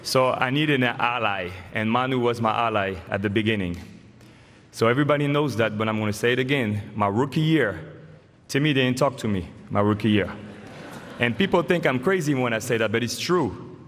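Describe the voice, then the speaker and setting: Speaking at normal speed in a medium, slightly bright voice, a French man in his forties accepts an honor at a podium with jokes and stories, his accent clear. It's an induction speech in a large hall, recorded with reverb and faint ambience.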